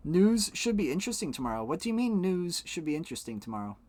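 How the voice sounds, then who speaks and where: Male streamer, animated pitch, dry close sound, casual and profane with chat. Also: fast, dry recording. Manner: chatty, swears casually, talks to chat.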